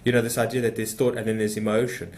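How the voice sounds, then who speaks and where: A man's voice: on the low side, level tone, fast talker, darkish tone, a little hiss or hum. A man giving an unscripted spiritual talk as a meditation teacher, speaking passionately and emphatically in a rambling way.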